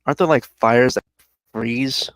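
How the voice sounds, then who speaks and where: A man's voice: mid-range voice, a little slow, a bit bright, no echo. A man with a mid-range voice talking casually on a podcast. He teases his partner and often hesitates and restarts as he talks. The recording is dry and close. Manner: teasing, hesitant. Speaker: podcast co-host. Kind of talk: casual chat.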